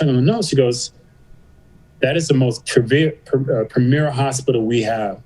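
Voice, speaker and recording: Animated middle-aged man telling a story. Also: medium pitch, normal speed, low-quality recording. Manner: animated storyteller, acts out quoted dialogue, says "you know" and "I go" often. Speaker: podcast guest. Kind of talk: storytelling in a casual interview.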